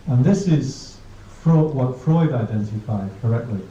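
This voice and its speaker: A man's voice: mid-range voice, lively intonation, a little slow, few pauses, dark tone, a little hiss or hum. A man, a Buddhist monk, giving a casual, humorous talk to a class, telling anecdotes and laughing at his own jokes. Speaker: Buddhist monk teaching mindfulness. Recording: dull distant roomy recording.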